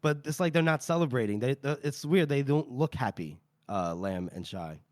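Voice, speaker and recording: A man's voice: medium pitch, expressive, moderate pace, a little mellow, no echo, clean studio sound. A man co-hosting a book podcast, recapping chapters in a casual, rambling way full of "you know" and "like". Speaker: podcast co-host.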